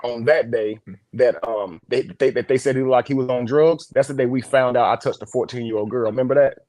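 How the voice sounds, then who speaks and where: A man's voice: medium pitch, fairly even intonation, fairly quick, darkish tone, no echo. A man hosting a casual livestream commentary, talking bluntly and indignantly, with plenty of swearing. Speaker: livestream host.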